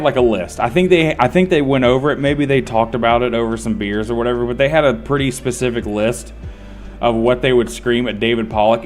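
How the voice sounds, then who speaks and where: A male game streamer talks in a loose, rambling way, cursing freely. His voice sits at an ordinary middle pitch. Faint music plays behind him. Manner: rambling, profane, laid-back. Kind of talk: casual chat while gaming.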